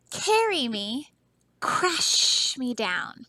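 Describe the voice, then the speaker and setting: In a high-pitched, unhurried voice, a woman teacher reads a picture book to children, soft and expressive, frequently stopping to question her young audience. The recording is low-quality, with no room sound.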